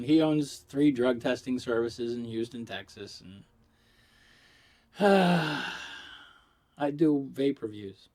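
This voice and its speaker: A man who is high, telling stories in a loose, rambling vlog monologue, swearing and giggling as he goes. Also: slow pace, pauses often, darkish tone. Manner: profane storytelling with acted quotes. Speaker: vlogger reviewing vapes.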